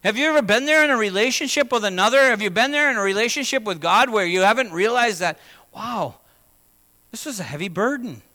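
A man's voice: sits high, lively intonation, fast, few pauses, pushed and bright. A man preaching a sermon as pastor, talking conversationally and asking the congregation questions. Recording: long hall reverb.

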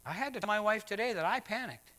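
A man preaching a sermon as pastor, swinging from hushed words to loud exclamations. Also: high voice, animated, quick pace. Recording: long hall reverb.

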